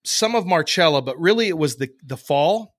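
A man's voice: a little high, animated, normal speed, no echo, clean studio sound. A man co-hosting a podcast in casual chat, telling stories and often trailing off mid-sentence. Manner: chatty storyteller, trails off and restarts. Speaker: podcast co-host.

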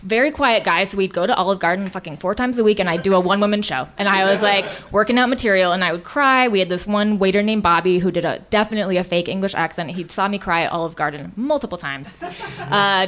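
A woman's voice: medium pitch, quick pace, a bit bright. Woman rambling through a confessional comic story. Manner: rambling, full of "like" and restarts. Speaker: storyteller on a live comedy podcast. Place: live stage show.

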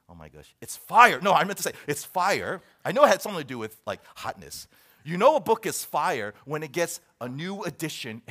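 A man preaching a sermon, reading a list aloud and joking with his listeners. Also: fairly high pitch. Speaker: pastor.

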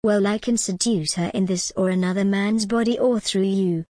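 Measured jinn spirit voiced by a woman, formal, unhurried, dry close sound. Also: medium pitch, fairly even intonation, mellow, no echo, lightly acted. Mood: calm. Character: calm commanding jinn spirit, sometimes in male form.

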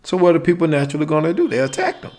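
A man's voice: a little high, big pitch swings, rapid-fire, darkish tone, faint music behind. A man hosting a solo podcast, talking casually and acting out quoted exchanges. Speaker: podcast host.

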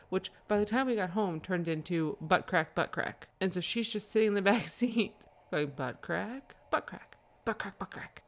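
A woman chatting casually as a parent, telling a family car story and laughing often. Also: lowish voice. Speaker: podcast co-host, parent.

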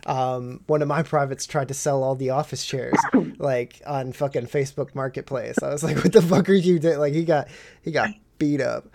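Heard over a video call with slight background noise, this podcast host speaks at medium pitch and normal speed with vocal fry. He spins stories casually and animatedly, cursing often and laughing throughout.

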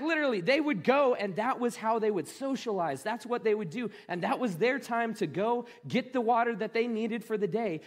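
A man preaching a sermon as a pastor, retelling the story in a conversational way and often repeating his words. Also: high voice.

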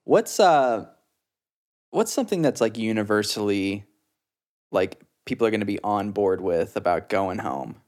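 A man's voice: lowish voice, expressive, measured pace, darkish tone. A young man from Southeast Texas co-hosting a casual chat, easygoing and asking questions. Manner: easygoing, asks questions, mimics family. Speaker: podcast co-host.

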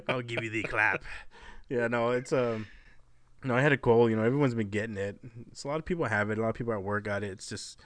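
A man's voice: medium pitch, fast talker, no room sound. A man co-hosting a podcast, joking, laughing often and swearing. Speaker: podcast co-host. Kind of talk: casual chat.

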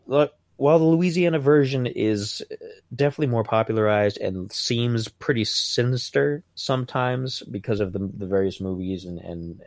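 A man's voice: mid-range voice, a little mellow, no room sound. A man from Ohio co-hosting a podcast, chatting casually in a rambling, laid-back way. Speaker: podcast co-host.

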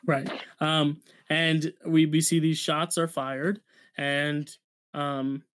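A man co-hosting a casual review podcast over a video call, talking in a relaxed, hesitant way. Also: a little high, slow. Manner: relaxed, hesitant, with many ums and uhs. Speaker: podcast co-host. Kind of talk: casual chat.

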